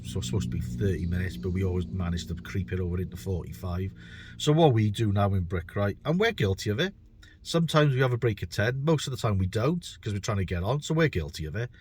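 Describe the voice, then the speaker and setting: A man's voice: fairly low pitch, a little hiss or hum. A middle-aged man with a British accent, a bricklayer talking through his own podcast in a chatty, rambling and self-deprecating way, often repeating words as he thinks. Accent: British English. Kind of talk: casual podcast monologue.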